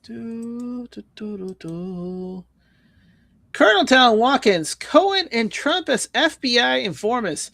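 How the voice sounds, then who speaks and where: Guy with a high voice roasting news on stream, sarcastic, dry close mic. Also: bright, forceful tone, dry recording. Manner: sarcastic, joking, reads comments aloud. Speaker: livestream host reading viewer comments. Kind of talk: casual news roast chat.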